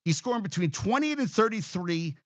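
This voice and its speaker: A man's voice: sits high, lively intonation, fairly quick, no echo, muffled recording. A man hosting a casual sports talk show, rambling, swearing freely and getting emotional as he talks.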